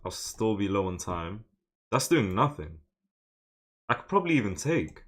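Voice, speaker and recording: Young man streaming chess, low voice. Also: sing-song, normal speed. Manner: muttering his moves, then bursts into loud frustrated exclamations. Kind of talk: live commentary while playing online chess.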